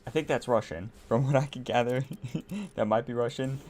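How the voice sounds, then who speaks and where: A man's voice: medium pitch, moderate pace, darkish tone, slight background noise. An American man streaming a game, chatting casually with his viewers in a laid-back, rambling way and laughing often. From United States. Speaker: live streamer. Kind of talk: casual chat with viewers while gaming.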